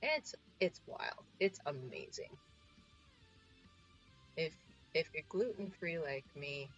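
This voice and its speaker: A woman's voice: low voice, muffled recording. A woman from the Northeastern US chatting casually to her stream while she paints, rambling and talking to herself.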